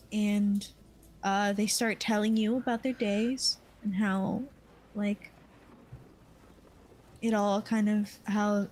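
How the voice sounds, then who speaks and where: A woman's voice: mid-range voice, a little mellow, a little hiss or hum. A woman narrating as game master of a tabletop game, hesitant with many fillers.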